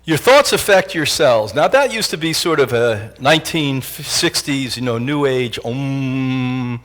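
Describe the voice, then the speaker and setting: A man in his sixties giving a joking, animated motivational lecture to a live audience as a health institute director. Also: mid-range voice, measured pace. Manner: animated, joking, often laughs at his own lines.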